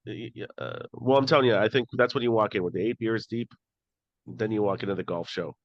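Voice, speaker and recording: A man's voice: on the low side, brisk, no room sound. A man hosts a casual comedy podcast, telling jokey stories with stammers and restarts. His voice sits mid-range, recorded dry and a little dull and lo-fi. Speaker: podcast host.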